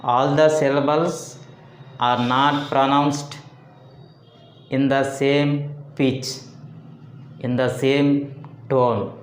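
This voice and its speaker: A man teaching a lesson on word stress, speaking deliberately and repeating words and phrases for emphasis. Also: mid-range voice, level tone, roomy sound. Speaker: English teacher. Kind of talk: slow phonetics lesson.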